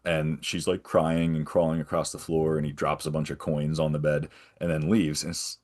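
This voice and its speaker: Man, very low voice, casual podcast guest, rambling plot recap, keeps asking "right?". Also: level tone, normal speed, darkish tone. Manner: rambling, checks in with frequent "right?".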